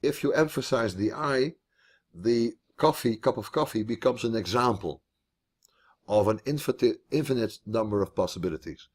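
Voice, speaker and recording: A man's voice: mid-range voice, normal speed. A man teaching philosophy online in a video call, thinking aloud as he explains, with restarts and repeated words.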